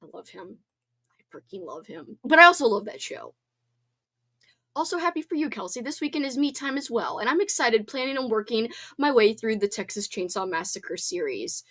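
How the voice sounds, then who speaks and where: Woman, thirties, livestream host, casual chat, gushing, reads comments aloud, slightly high voice. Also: expressive, fairly quick, fairly bright tone.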